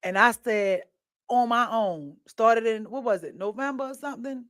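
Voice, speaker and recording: A woman hosting a podcast, talking in a chatty, animated storytelling way with asides to her listeners. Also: on the high side, normal speed, no echo. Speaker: podcast host. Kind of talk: casual monologue.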